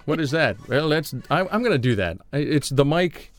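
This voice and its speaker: A US morning radio host keeps things playful, cracking jokes and slipping into silly voices while he goes through the day's history. He speaks at normal speed in a slightly high, sing-song voice.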